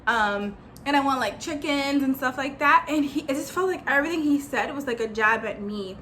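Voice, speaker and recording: Bright ranting vlogger woman. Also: high voice, moderate pace, a little hiss or hum. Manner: rambling, heated, many "like" fillers and restarts. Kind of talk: ranting vlog monologue. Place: small studio apartment.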